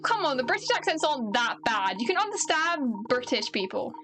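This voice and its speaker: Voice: high-pitched, very animated, fairly quick, bright, forceful tone. A streamer casually chatting while playing a game and reading its dialogue, rambling and joking. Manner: rambling, joking, self-deprecating. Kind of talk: casual gameplay commentary, reading dialogue aloud. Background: game music.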